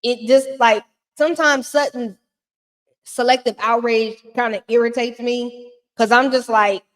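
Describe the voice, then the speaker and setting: A woman's voice: fairly high pitch, steady tone, a little slow, in a large hall. A woman giving a casual, blunt and profane recap of a reality show, talking with plenty of sass.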